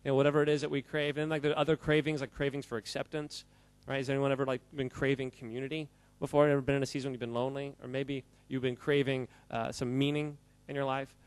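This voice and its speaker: A man giving an animated, jokey talk to a live audience, quizzing the crowd and often laughing. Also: medium pitch, fast talker. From United States. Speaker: speaker addressing a live audience. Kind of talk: lively audience-interactive talk.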